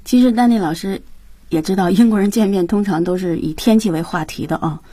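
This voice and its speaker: A woman's voice: mid-range voice, fairly quick, warm tone, slightly rough, dry recording. A woman co-hosting a radio English lesson, summarizing points and guiding the talk. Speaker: radio co-host.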